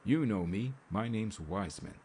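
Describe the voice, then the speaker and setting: A man playing a bold, brisk police constable. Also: on the low side, lively intonation, dark tone, a little hiss or hum.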